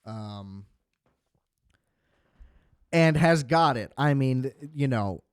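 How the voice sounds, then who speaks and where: A man's voice: medium pitch, expressive, extremely slow, clean tone, dry recording, studio quality. A man giving a casual, rambling movie review, swearing freely and leaning on lots of fillers. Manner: rambling, profane, filler-heavy. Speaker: film reviewer.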